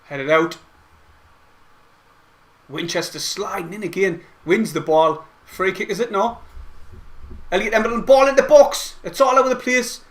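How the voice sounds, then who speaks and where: Bloke doing fan commentary at home, high voice, gets carried away, swears a bit. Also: male voice, measured pace, long pauses. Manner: excitable, rambling fan commentary with mild swearing. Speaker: fan streamer hosting a watch-along. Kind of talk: casual live play-by-play commentary. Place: at home, not at the stadium.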